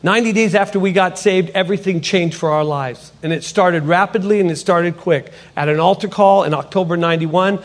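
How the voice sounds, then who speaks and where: Animated man telling his testimony, high-pitched. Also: fairly quick, hardly any pauses. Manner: animated storyteller who acts out dialogue. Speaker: potter and ministry speaker. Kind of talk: testimony sermon.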